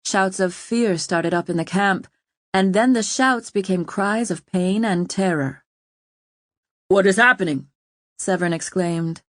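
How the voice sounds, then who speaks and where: A woman with a mid-range voice narrates a scripted fantasy audiobook in a steady, measured storytelling manner. The recording is studio quality with no room sound.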